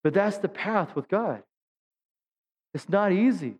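A middle-aged man preaching a sermon as a pastor, telling humorous stories and acting out quotes in high voices. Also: lively intonation, measured pace, darkish tone, breathy edge, in a large hall. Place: church sanctuary.

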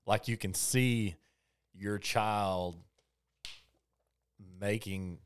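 A man talking reflectively in casual conversation, halting with restarts. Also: fairly low pitch, fairly even intonation, clean tone. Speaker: podcast co-host.

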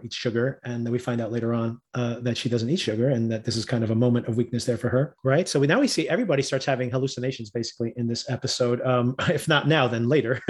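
A man talking through a TV recap in loose, casual podcast chat. He rambles, restarts his sentences and laughs often while making his points. His voice sits at a middle pitch. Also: breathy edge. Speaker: podcast co-host.

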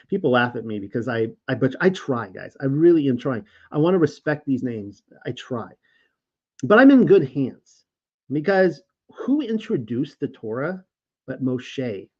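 Male host, casual scripture teaching, animated and rambling, slightly dull lo-fi sound. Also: medium pitch. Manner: casual, animated, stumbles over names and restarts. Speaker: Bible teacher and show host. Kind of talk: informal scripture study, reading and commenting.

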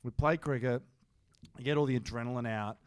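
A man's voice: medium pitch, a little fast, clean tone, no echo, studio quality. A man co-hosting a casual podcast, swearing often as he tells a story. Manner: swears often, laughs while telling stories. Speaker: podcast co-host.

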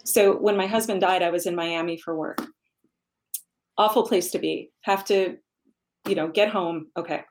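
A woman's voice: lowish voice, fairly even intonation, moderate pace, long pauses, a little mellow, a little hiss or hum. Candid woman sharing a personal story. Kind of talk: casual conversation about grief.

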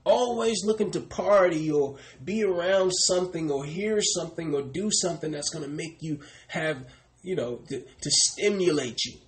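A man preaching a sermon. He asks questions and answers them himself, and he keeps tagging lines with "brothers and sisters" in a dropping voice. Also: fairly high pitch. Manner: repeats "brothers and sisters" with falling, quieter tags. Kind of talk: sermon teaching.

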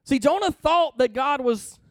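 A man's voice: very high voice, animated, unhurried, dry recording. A man preaching in a conversational way, reading scripture aloud and explaining it emphatically, often checking in with his listeners. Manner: emphatic, reads scripture then explains it, asks the listeners questions. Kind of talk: conversational Bible teaching.

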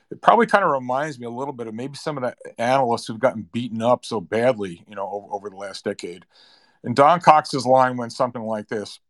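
A man hosting an interview, telling stories with enthusiasm and stumbling through restarts as he asks questions. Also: mid-range voice. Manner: enthusiastic storyteller, many restarts and stammers. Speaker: host.

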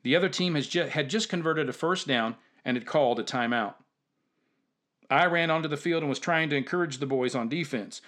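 A man who hosts a storytelling show and coaches youth football, narrating a humorous story in a lively way with acted-out dialogue. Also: fairly high pitch, fairly quick.

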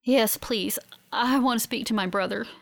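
A woman voicing a grieving older sister who speaks tearfully while trying to sound calm. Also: fairly high pitch, moderate pace, gravelly, voice pushed up. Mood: tearful, tender.

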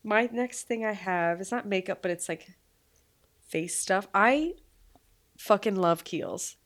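A woman's voice: medium pitch, animated, takes it slowly, fairly bright tone. A young woman co-hosting a podcast, chatting casually, laughing often and swearing freely. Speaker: podcast co-host. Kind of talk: casual chat.

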